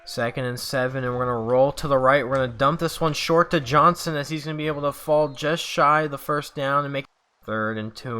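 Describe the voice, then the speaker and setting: A man's voice: medium pitch, fairly even intonation, fairly quick, bright, forceful tone, smooth. A man giving sportscaster-style play-by-play of a video game he is playing, often slipping into frustrated venting with sighs. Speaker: gamer doing play-by-play of his own game. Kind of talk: casual video game commentary.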